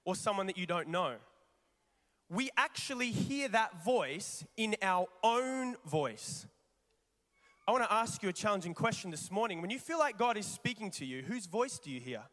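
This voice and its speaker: A man with a strikingly high voice delivers a lively, conversational sermon, peppering his congregation with rhetorical questions. The long reverb of a large church hall carries his words.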